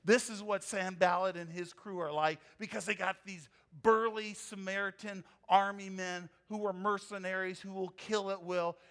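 A man preaching from the pulpit as pastor, his voice sitting high for a man. He delivers the sermon with emphatic swings, climbing in pitch and volume to press a point, then dropping low and quiet. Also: fairly even intonation, moderate pace, few pauses.

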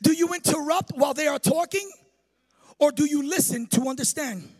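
A middle-aged male pastor preaching a lively sermon with sing-song emphasis and jokes, in a church hall. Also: extremely high pitch, normal speed.

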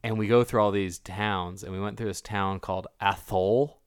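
A man in casual podcast chat, telling animated stories about a film. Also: fairly low pitch, moderate pace, clear, resonant tone, dry recording, clean studio sound. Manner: animated storyteller, mimics voices in anecdotes.

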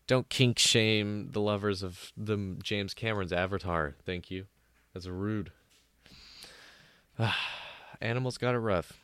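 A man's voice: fairly low pitch, takes it slowly, pauses often, fairly bright tone, smooth, no echo. A man hosting a podcast alone, riffing sarcastically in a casual comedic monologue and acting out bits in put-on voices. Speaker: podcast host.

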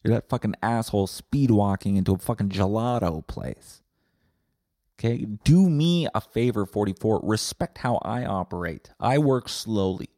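Low, dark-voiced man ranting sarcastically. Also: animated, normal speed, no room sound. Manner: rambling, sarcastic, swears a lot. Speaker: podcast host. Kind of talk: comedic profane rant.

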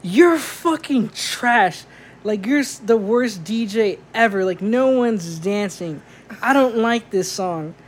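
A man's voice: high voice, slow pace. A man doing a rude, drunk woman partygoer. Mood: scornful. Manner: snapping, cursing.

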